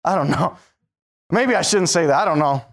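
A man preaching a sermon as pastor, emphatic, swinging between loud peaks and low asides. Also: expressive, moderate pace.

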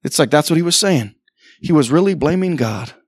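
A middle-aged man preaching an impassioned sermon in church, asking rhetorical questions and acting out dialogue, often rising to near-shouts. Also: fairly high pitch, expressive, a little fast, dry recording. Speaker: pastor. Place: church sanctuary.

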